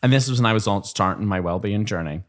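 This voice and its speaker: A man who teaches, co-hosting a podcast in casual chat, chatty and quick to laugh, with frequent agreeing murmurs. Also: lowish voice.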